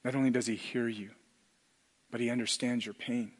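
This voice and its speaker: A middle-aged male pastor preaching a sermon earnestly, dropping to a hush and then rising to loud emphatic lines. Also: mid-range voice, level tone, normal speed, long reverb tail.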